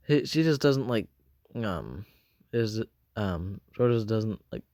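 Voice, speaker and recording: Slow, low-voiced man rambling through a story. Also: darkish tone, no room sound. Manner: hesitant, many fillers and self-corrections. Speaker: fan storyteller. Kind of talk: casual rambling retelling.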